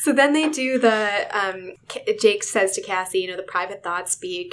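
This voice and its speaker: A woman's voice: mid-range voice, normal speed, few pauses. A woman in her thirties, a podcast co-host reading a book passage aloud with playful character voices in a casual chat. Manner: animated, giggly, does voices while reading.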